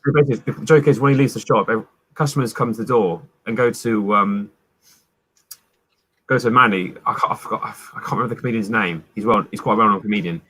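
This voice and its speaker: Young guy, husky, bright, stammers, casual chat. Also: lowish voice, fast. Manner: hesitant, stammering.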